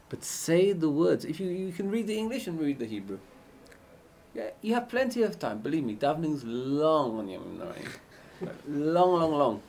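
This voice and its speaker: A man giving an informal Torah class on prayer, often asking his listeners questions and swinging between loud and hushed speech. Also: on the high side, slight background noise. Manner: animated, swings from loud chanting to hushed near-whispers. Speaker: Torah teacher.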